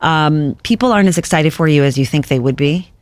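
A woman's voice: sits low, brisk, background noise. A middle-aged woman actor being interviewed, talking candidly and reflectively, laughing easily. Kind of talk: relaxed interview conversation.

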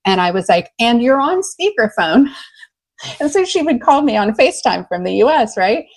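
A middle-aged American woman, a love coach, talking enthusiastically in an interview and telling lively stories with easy laughter. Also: mid-range voice, moderate pace. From United States. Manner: enthusiastic, animated, laughs easily. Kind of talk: conversational interview storytelling.

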